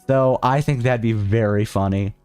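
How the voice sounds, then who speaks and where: A man's voice: on the low side, fairly even intonation, moderate pace, darkish tone, smooth, soft background music. A man streaming a video game, joking and ranting sarcastically while reading the on-screen text aloud. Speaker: VTuber streamer. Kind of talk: casual let's-play commentary.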